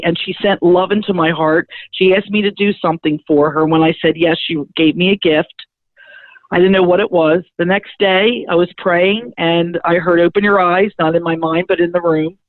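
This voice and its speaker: A middle-aged woman, a spiritual medium and guest, telling her story in a lively, chatty way and acting out the conversations in it. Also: on the low side, no room sound. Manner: lively, chatty, acts out the dialogue in her stories. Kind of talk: animated personal storytelling. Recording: thin phone-like dry sound.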